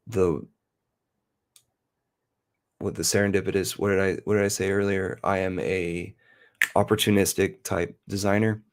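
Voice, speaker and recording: A low, gravelly-voiced man hosts a loose live chat. He talks slowly, circling back and interrupting himself as he rambles. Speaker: podcast host.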